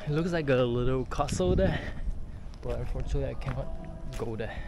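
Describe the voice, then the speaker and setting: A man's voice: medium pitch, fairly quick. A young man, chatting easily as he walks through a village for a travel vlog. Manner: easygoing, chatty, lots of "like" fillers. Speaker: travel vlogger. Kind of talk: casual walking vlog commentary. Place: outdoors in a village by a river. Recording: outdoor street noise.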